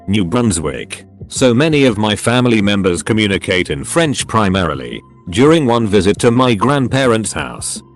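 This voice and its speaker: A man narrating a series of online stories in a scripted read-aloud style. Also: fairly low pitch.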